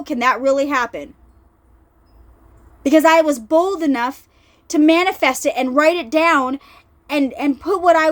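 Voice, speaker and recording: High-pitched lady chatting about the bible, animated, keeps repeating herself, says y'all a lot. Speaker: faith vlogger. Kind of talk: casual Bible talk. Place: lives in an RV.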